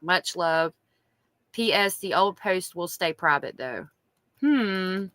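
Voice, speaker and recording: This woman's low-leaning voice is animated and fairly bright, moving at a slow pace in a dry recording. She has a strong Southern accent and is reading diary entries on a true crime live stream, chatting with viewers between them. Chatty throughout, she reads aloud and reacts to the chat.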